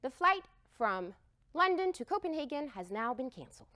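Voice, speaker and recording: A woman speaks in a high voice that swoops up and down, and her delivery is emphatic and heartfelt. She tells her story to the room with expressive energy, and the sound is close and dry, with no echo. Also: moderate pace. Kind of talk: storytelling talk.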